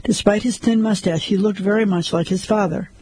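Male audiobook narrator, husky and dark-toned, dry close sound. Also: sits high, fairly even intonation, fairly quick, dry recording, poor audio.

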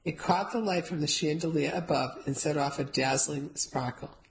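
A woman's voice: deep voice, moderate pace, rough recording. A woman narrating a first-person novel, telling the story steadily with light character voices. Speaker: audiobook narrator.

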